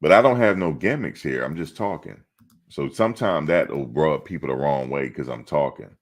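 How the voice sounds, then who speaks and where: A man's voice: very deep voice, expressive, moderate pace. A middle-aged man hosting a sports channel, chatting casually on a live stream and answering his chat in a blunt, streetwise way.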